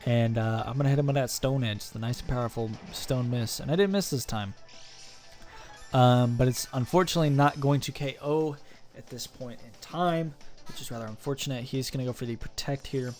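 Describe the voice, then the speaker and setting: A man's voice: mid-range voice, a little fast, a little mellow. Young male gamer, wry play-by-play narration over a faint music bed. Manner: joking, self-mocking play-by-play. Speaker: gaming channel host. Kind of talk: battle commentary voice-over.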